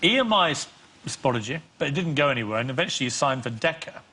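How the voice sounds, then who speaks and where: A man's voice: medium pitch, lively intonation, fast, noisy background. A middle-aged man who asks probing, teasing interview questions and reads the scripted narration.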